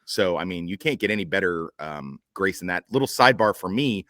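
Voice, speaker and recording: A man's voice: low-pitched, lively intonation, brisk, bright, forceful tone, no echo. A man hosting a casual group chat, joking, teasing and swearing freely. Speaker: podcast host.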